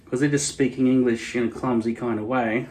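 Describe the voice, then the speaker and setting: A man's voice: medium pitch, steady tone, fairly quick, a little mellow. Rambling Australian-accented man. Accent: Australian city. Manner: rambling, wry, self-deprecating. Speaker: hairpiece channel host. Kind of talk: casual vlog monologue.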